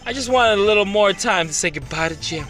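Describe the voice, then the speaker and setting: Brief: a man playing a high, loud, hot-headed game prosecutor, all drama. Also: lively intonation, soft background music. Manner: dramatic, shouting, drawn-out. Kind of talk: game dialogue read aloud.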